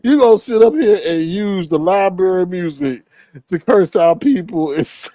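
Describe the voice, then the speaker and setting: A man's voice: high-pitched, lively intonation, moderate pace, dark tone, no room sound. A man hosting a reaction commentary, blunt and exasperated, with laughing asides. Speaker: commentary channel host.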